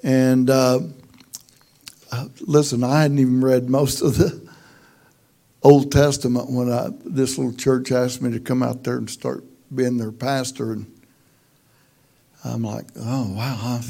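A middle-aged Texan man preaching to a congregation, spinning humorous stories at his own expense. His voice has a gravelly edge at an ordinary mid pitch, and his tone stays easygoing and folksy. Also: level tone, measured pace, pauses often, dark tone. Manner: folksy, self-deprecating, humorous. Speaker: pastor. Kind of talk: sermon storytelling.

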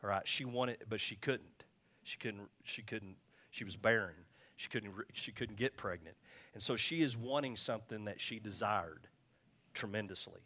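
A man's voice: lowish voice, normal speed, pushed and bright. A man preaching a conversational sermon, repeating himself and checking in with his listeners. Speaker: pastor.

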